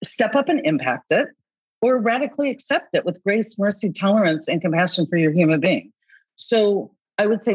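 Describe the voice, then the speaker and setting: A woman coach in a podcast conversation who talks with a husky voice and acts out both sides of the dialogues she describes. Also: medium pitch, animated, moderate pace, no echo, highs cut off. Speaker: coach advising company founders.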